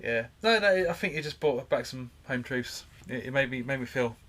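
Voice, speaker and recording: A young man co-hosts a relaxed podcast, talking in a loose, rambling way with casual swearing. His voice rises and falls a lot as he chats. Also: medium pitch, moderate pace. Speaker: podcast co-host. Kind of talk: casual banter.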